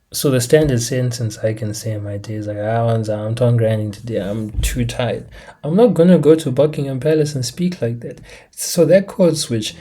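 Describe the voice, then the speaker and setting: Emphatic young man, dark voice. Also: mid-range voice, slightly rough. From Africa. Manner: animated, emphatic, slangy, rhetorical questions. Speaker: commentator. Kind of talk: casual monologue to camera. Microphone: laptop mic.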